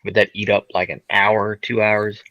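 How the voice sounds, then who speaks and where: Gravelly, low-voiced male player. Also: no echo, highs cut off. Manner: measured, reasoning calmly. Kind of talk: in-character tabletop play.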